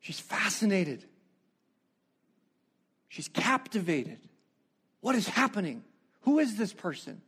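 High-voiced man preaching with animated questions. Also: slow pace, pauses often, breathy edge. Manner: animated storytelling with rhetorical questions. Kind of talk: sermon.

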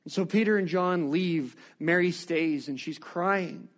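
A man preaching a sermon, reading scripture and reflecting on it with expressive, rising rhetorical questions. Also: high-pitched, measured pace.

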